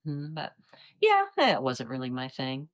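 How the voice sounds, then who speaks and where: Animated retired woman agent telling stories. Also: rumbling low, unhurried. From Iowa, United States. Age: 50s. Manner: animated, acts out quoted voices. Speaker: retired DEA agent, guest. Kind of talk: casual interview storytelling.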